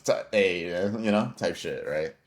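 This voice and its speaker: A young man co-hosting a podcast, telling an animated, profane story in casual slang. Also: low-pitched, measured pace, a little hiss or hum. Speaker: podcast co-host.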